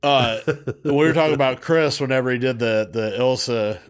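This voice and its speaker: Man, podcast co-host, loose cursing banter, mid-pitched. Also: normal speed, clean tone. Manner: profane, laughing, rambling. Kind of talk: casual chat.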